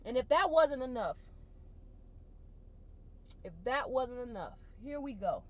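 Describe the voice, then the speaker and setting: A woman vlogger giving an emotional personal testimony in a colloquial, expressive way, repeating phrases for emphasis and holding back tears. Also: on the high side, slow pace. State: tearful.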